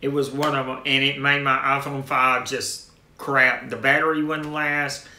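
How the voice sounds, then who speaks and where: Bright-voiced man, echoey room. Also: mid-range voice, level tone, a little slow. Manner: rambling, answers viewer comments, restarts phrases. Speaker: tech channel host. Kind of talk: casual live-stream chat.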